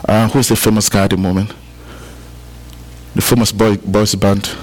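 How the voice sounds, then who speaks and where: A man's voice: fairly low pitch, little pitch movement, normal speed, a little mellow, a little hiss or hum, poor audio. A man from Africa preaching a sermon to a congregation, repeating key points for emphasis and chatting with the listeners. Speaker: pastor. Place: church service.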